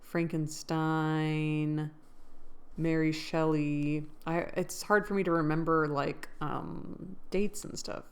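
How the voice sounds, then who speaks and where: A low-pitched woman talks slowly with little pitch movement and a clean tone. Casually chatting in her book vlog, she wonders aloud, questions herself, and teases herself in a playful, self-deprecating manner.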